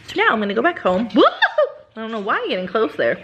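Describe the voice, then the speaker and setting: A woman's voice: fairly high pitch, sing-song, normal speed, pauses often, a little hiss or hum. A woman vlogging casually outdoors, giggly and rambling and poking fun at herself, recorded on a handheld phone. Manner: giggly, rambling and self-mocking. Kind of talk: casual vlog chat. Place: outdoors at a park.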